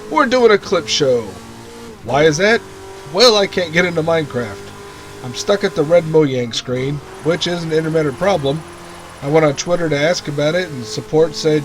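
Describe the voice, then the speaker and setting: A man's voice: a little high, moderate pace, soft background music. A man hosting his own gaming channel, talking casually over gameplay, chatty and self-mocking with frequent laughs. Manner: lively sing-song show intros.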